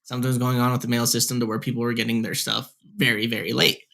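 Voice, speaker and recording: A man's voice: medium pitch, level tone, quick pace, creaky, sharp tone. A young man co-hosting a podcast, telling a story casually, rambling with lots of fillers, recorded on a headset. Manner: rambling, heavy filler "like, whatever". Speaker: podcast co-host.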